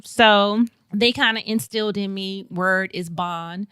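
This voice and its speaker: A woman's voice: medium pitch, measured pace, clear, resonant tone, no echo, studio quality. A woman from St. Louis, Missouri, guest on a podcast, telling a story with lots of laughs and acted-out quotes. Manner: animated, laughs often, acts out quoted voices.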